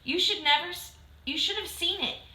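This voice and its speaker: A woman voicing an excitable, frightened housewife in a storybook read-aloud, with a shrill, agitated manner. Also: moderate pace, exaggerated voice. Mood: indignant. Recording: roomy echo.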